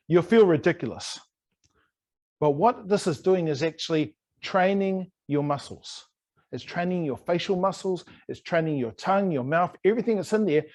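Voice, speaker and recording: Brief: a male New language teacher, playful and a touch high-voiced, drilling words over a video call. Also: darkish tone. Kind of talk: online language lesson.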